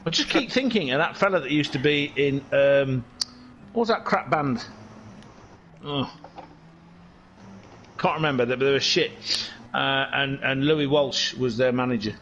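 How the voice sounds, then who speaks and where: A man's voice: mid-range voice, measured pace, long pauses, fairly bright tone, muffled recording, slight background noise. A man commentating on a sim race stream in a casual way, rambling from joke to joke with plenty of swearing. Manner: rambling, joking and sweary banter.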